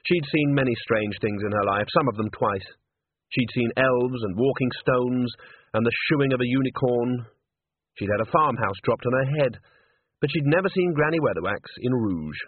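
Husky-voiced male audiobook narrator. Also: medium pitch, expressive, normal speed, no room sound. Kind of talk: scripted narration. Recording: dry, narrow lo-fi band.

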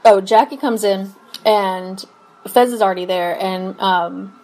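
Slow-talking woman recapping a show. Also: mid-range voice, steady tone, darkish tone, poor audio. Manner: slow, meandering, laughs often, loses her place. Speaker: podcast co-host. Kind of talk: casual chat recapping a TV episode.

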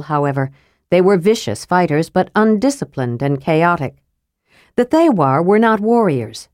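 A woman narrating a fantasy audiobook in a steady, even reading voice. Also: lowish voice, smooth, dry recording, studio quality.

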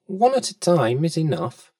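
A man voicing a small, crafty male fish in a storybook reading, speaking in a small soft voice with formal, wheedling courtesy. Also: a little high, wildly swooping pitch, moderate pace, no echo, clean studio sound, recorded from a distance. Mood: sly, coaxing.

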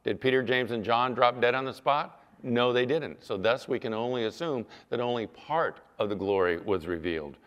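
A male pastor preaching a sermon, animated, sometimes mimicking whiny apologies in a raised voice. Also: mid-range voice, moderate pace, hardly any pauses, muffled recording. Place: church sanctuary. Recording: long church reverb.

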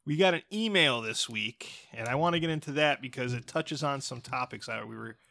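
A man from New England hosting a casual podcast chat, dry and joking, often trailing off into low mutters. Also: a little fast, vocal fry, bright, forceful tone, no room sound. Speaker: podcast host.

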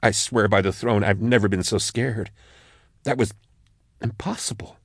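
A man voicing a frightened, sharp-tongued young woman in an audiobook, snapping and sarcastic. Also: on the low side, fairly even intonation, normal speed, dry recording, studio quality. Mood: snappish. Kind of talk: audiobook character voice.

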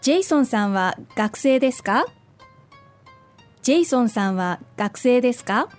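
A woman from Japan co-hosting a language lesson, modeling Japanese phrases slowly and clearly. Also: a little high, animated, faint music behind. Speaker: co-host, native speaker.

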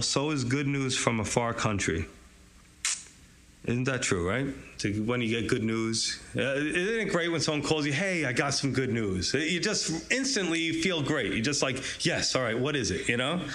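A man in the middle of a relaxed Bible teaching, talking through the verses in a chatty, off-the-cuff way. His pitch sits at an ordinary middle level. He pads his points with fillers and laughs easily as he goes. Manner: conversational, chuckles often, many fillers and asides. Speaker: pastor teaching a Bible study. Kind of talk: casual verse-by-verse sermon.

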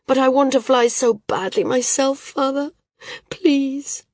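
A distraught young woman, stubborn and tearful, her voice high and pressed as she pleads, read out by a woman narrator. The delivery is dry and close, with no room around it. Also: steady tone, unhurried, a little mellow, no echo. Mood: pleading. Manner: pleading, near hysterical.

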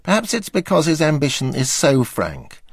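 A man's voice: on the high side, wildly swooping pitch, normal speed, creaky, breathy edge, dry recording. An older man reading his memoir aloud with dry, wry understatement. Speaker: memoir narrator.

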